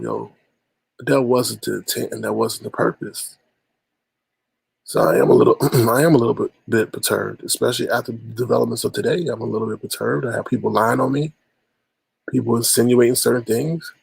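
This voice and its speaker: A man's voice: medium pitch, creaky, husky, no echo. A man hosting a casual livestream, talking with callers and addressing his chat by name, often repeating himself. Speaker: livestream host.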